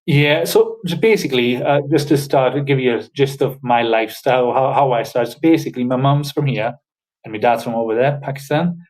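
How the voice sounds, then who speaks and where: Hesitant guest with a northern English accent. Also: male voice, mid-range voice, brisk, poor audio. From Newcastle, northeast England. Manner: hesitant, full of fillers, relaxed. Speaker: podcast guest. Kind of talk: casual podcast chat.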